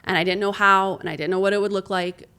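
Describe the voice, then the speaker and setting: A woman's voice: medium pitch, steady tone, quick pace, pushed and bright, clean tone. A woman sports broadcaster, a guest in an interview, telling a candid, emotional story and acting out the conversations she recalls.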